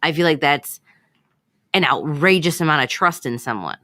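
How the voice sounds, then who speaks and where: A woman's voice: low voice, animated, moderate pace, fairly bright tone. A woman co-hosting a casual radio talk show, chatting loosely with frequent "like" and "you know". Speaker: radio co-host.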